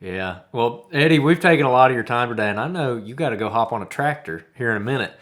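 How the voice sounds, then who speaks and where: A man's voice: medium pitch, fast. A male co-host speaks in an everyday mid-range voice, easygoing and conversational as he closes out a chat with his guest. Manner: relaxed, wrapping up the conversation. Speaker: podcast co-host. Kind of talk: casual interview chat.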